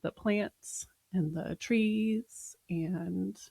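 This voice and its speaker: A woman's voice: lowish voice, very slow, creaky, warm tone, slightly rough, no room sound, clean studio sound. A woman co-hosting a podcast, talking in a reflective way and laughing often. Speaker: podcast co-host. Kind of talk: casual podcast conversation.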